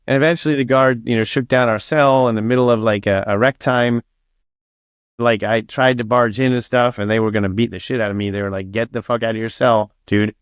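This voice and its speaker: A man's voice: mid-range voice, steady tone, a little fast, clean tone, no room sound, studio quality. A man being interviewed as an author, telling stories casually, swearing freely and acting out what others said. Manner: swears freely and acts out quoted dialogue.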